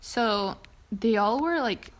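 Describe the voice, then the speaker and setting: A woman's voice: fairly high pitch, lively intonation, takes it slowly. A young woman co-hosting a casual podcast, reading a ghost story aloud and rambling, swearing and laughing along the way. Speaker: podcast co-host.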